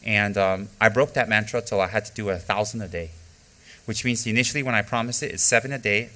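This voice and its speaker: In a fairly low, pushed and bright voice at a quick pace, a middle-aged Buddhist teacher gives a spoken dharma teaching. Candid stories from his own practice mix with emphatic, repeated key phrases.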